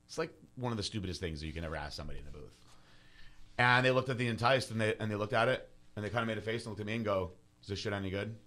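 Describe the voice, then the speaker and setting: Brash young podcast co-host, low but bright voice, fast talker. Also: male voice. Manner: brash, joking, swears freely. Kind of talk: casual chat.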